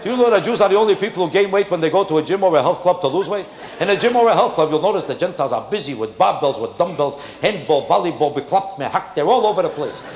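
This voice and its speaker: An older man doing a stand-up comedy routine on a theater stage, animated and acting out exasperated characters. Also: on the high side. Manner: animated, rapid, acts out exasperated characters mid-bit. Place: theater stage with a live audience. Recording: echoey live theater with audience noise. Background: audience laughter.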